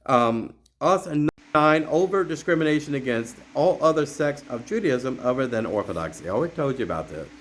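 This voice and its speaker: Impassioned man with a lively voice. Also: medium pitch, fairly quick, few pauses, slight background noise. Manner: impassioned, repeats and restarts words. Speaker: show host. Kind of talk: religious monologue.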